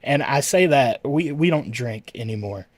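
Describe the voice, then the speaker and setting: A man's voice: mid-range voice, animated, moderate pace, husky, no echo, studio quality. A man chatting casually with his livestream viewers, rambling and correcting himself as he answers chat messages.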